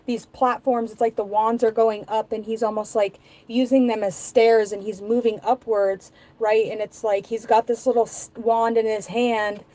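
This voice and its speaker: A woman's voice: a little high, dark tone, rough recording. Rambling woman giving a casual tarot reading. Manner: rambling, musing aloud, many fillers. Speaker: tarot reader.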